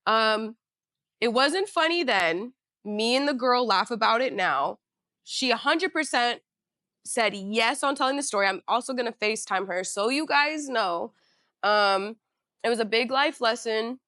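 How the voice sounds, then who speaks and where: A woman's voice: a little high, lively intonation, measured pace, bright, forceful tone, no echo, studio quality. A young woman from Northern California hosting a podcast, telling a casual storytime in a chatty, slangy way full of "you know" and "you feel me.". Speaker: podcast host.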